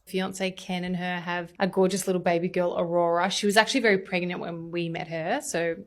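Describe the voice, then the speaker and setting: TV journalist, female, Australian accent, earnest delivery, slightly low pitch. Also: little pitch movement, fairly quick. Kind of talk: calm TV interview narration.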